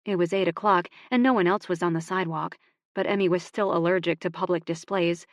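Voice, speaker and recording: A woman narrating a romance audiobook in a calm, even voice on a close studio mic. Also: on the low side, brisk, no room sound.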